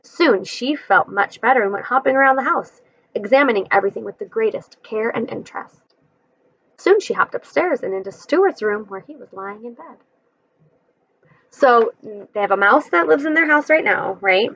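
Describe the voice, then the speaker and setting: A woman's voice: on the high side, expressive, moderate pace, a bit bright, highs cut off. A woman reading a children's chapter book aloud, adding friendly explanations between passages.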